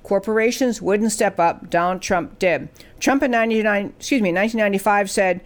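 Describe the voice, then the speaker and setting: A woman's voice: mid-range voice, quick pace. A woman hosting a political talk show, speaking emphatically and asking rhetorical questions. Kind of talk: political commentary.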